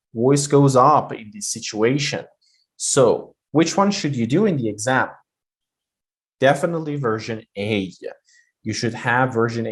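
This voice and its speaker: Man teaching pronunciation, deliberate and emphatic. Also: mid-range voice. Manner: deliberate explaining with pauses and stresses. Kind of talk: exam-prep lesson.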